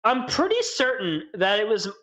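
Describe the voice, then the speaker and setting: A young man co-hosting a podcast, telling a college road-trip story in a casual, animated, profane way. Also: high voice. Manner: animated, profane, quick bursts of laughter. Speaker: podcast co-host.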